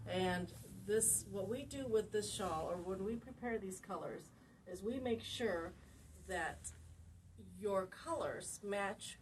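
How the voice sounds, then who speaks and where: A woman's voice: mid-range voice, expressive, takes it slowly. A woman hosting a casual craft video, chatting and introducing her friend's demonstration. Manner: chatty, with fillers. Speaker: host. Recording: distant mic with noise.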